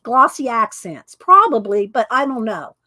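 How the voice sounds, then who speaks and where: Her voice sits a little high, very animated yet unhurried, with a pushed, bright quality and no room sound. She rambles casually through her art livestream, calling out viewers by name to thank them.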